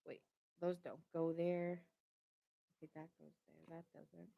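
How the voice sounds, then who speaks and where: A woman's voice: fairly low pitch, level tone, measured pace, vocal fry, lo-fi sound. A woman hosting a live tarot reading, chatty and playful, often laughing and greeting viewers by name.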